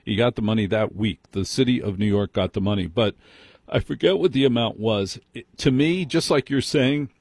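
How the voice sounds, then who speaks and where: A man's voice: lowish voice, normal speed, darkish tone, dry recording. A man hosting a late-night call-in radio show, wry and self-mocking as he chats with callers. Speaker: radio talk show host. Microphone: studio microphone.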